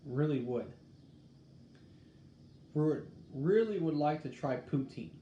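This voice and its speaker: Slow, musing man in an echoey room. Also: on the high side, lively intonation, lo-fi sound. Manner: halting, musing, thinks out loud. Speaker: host. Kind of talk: casual talk, reading a recipe aloud. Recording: echoey room with faint background noise.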